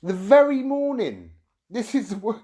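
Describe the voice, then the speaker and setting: A man's voice: sits high, animated, dark tone. A middle-aged man from the UK, ranting angrily to his viewers and rambling and swearing as he tells his story. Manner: agitated, rambling, swearing, quick asides to viewers. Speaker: YouTube streamer. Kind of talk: angry monologue to viewers.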